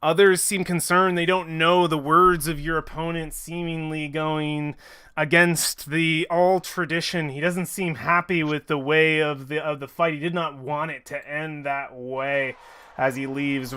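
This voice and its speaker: Male game master, narrates slowly and deliberately, bright tone. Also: fairly high pitch, steady tone, clean tone, no room sound, clean studio sound.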